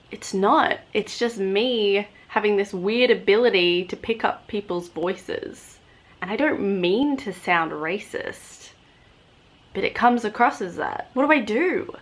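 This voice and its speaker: Australian female vlogger, animated and chatty, medium pitch. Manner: chatty, animated, drifts into impressions. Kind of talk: casual chat to camera.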